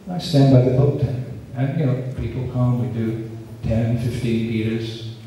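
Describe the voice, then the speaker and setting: A man giving a scripture lecture at a festival, telling a story in an unhurried, earnest way with quoted dialogue. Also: mid-range voice, warm tone, a little hiss or hum. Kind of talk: storytelling sermon. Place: festival lecture venue, distant mic. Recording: echoey hall, speaker far from mic.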